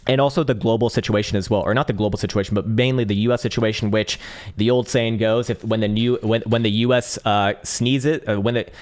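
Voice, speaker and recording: Hoarse, low-voiced male chart analyst. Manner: casual, profane, rambling with self-corrections. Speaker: crypto trading analyst host. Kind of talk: live-streamed chart analysis.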